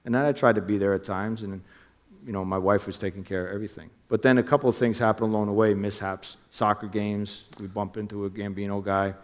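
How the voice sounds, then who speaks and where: A man's voice: fairly low pitch, steady tone, fast, big-room sound. A middle-aged man from New Jersey, a former undercover officer, telling his story in an interview and acting out phone calls in quoted voices.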